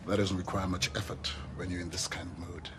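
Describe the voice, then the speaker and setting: A man's voice: sits low, little pitch movement, brisk, noisy background, natural voice. An actor playing a wry, cautious father in a 1980s TV soap, with a hesitant manner. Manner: wry, hesitant, soft laughs.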